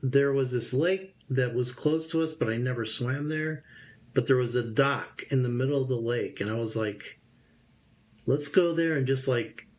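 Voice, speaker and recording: A man in his fifties, a guest telling a personal story in an interview, lively and acting out the voices he remembers. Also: medium pitch, normal speed. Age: 50s.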